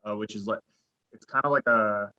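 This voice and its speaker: Man, podcast guest, bright forceful voice, rambling, dull lo-fi audio. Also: on the low side, moderate pace, clear, resonant tone. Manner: rambling, full of likes and restarts. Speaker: sports director and reporter, podcast guest. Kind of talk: casual interview chat.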